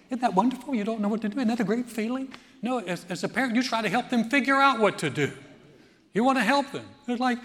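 A man preaching a sermon to a congregation, moving between loud, emphatic passages and a quiet, low prayer voice. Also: big pitch swings, moderate pace, long pauses. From United States. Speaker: pastor. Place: church sanctuary. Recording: long church reverb.

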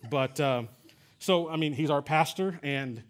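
A man's voice: a little high, unhurried, a little hiss or hum. Middle-aged man preaching in a storytelling way. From San Antonio, Texas. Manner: conversational storytelling with frequent fillers and restarts. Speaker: pastor. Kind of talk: sermon.

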